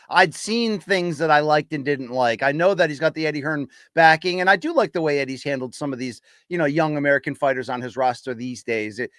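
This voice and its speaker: A man hosting a casual podcast, giving opinionated takes and running quickly through names and rankings. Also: fairly high pitch, fairly bright tone, no room sound. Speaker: podcast host. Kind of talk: casual boxing podcast chat.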